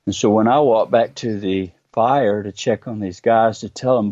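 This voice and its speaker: A middle-aged man, telling his own story as a guest in earnest, halting bursts with many pauses. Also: on the low side, darkish tone, dry recording, lo-fi sound. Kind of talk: personal storytelling interview.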